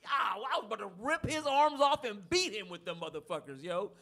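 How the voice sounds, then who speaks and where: A man hosting a podcast, telling stories in an animated, profane way and laughing often. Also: high-pitched, fairly quick. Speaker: podcast host and DJ. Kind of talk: casual podcast banter.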